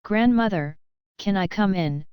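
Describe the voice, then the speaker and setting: A woman's voice: medium pitch, measured pace, smooth, no echo, dull audio, lightly acted. A woman reading the lines of a trusting little girl in a children's storybook. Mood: innocent.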